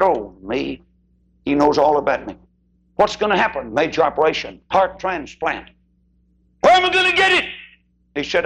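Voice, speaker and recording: An older man preaching a sermon, swinging between loud high peaks and hushed low passages. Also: slightly rough, highs cut off. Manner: preaching with sudden swoops in pitch and loudness, shouting at peaks.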